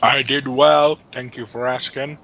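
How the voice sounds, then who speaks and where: A man with a bright, forceful voice at an ordinary pitch joins a casual writing stream. His humor is dry and he keeps asking pointed questions, with slight noise behind him. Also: flat delivery, a little slow, gravelly, rough recording. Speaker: writer co-host of a writing stream. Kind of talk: casual chat on a live stream.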